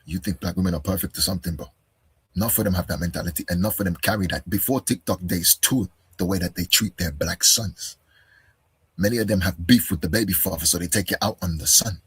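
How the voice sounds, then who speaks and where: Speaking fast in a low, slightly rough voice, a man reacts to a video with combative commentary, firing rhetorical questions and calling the person he answers "bro" directly. The recording has no echo.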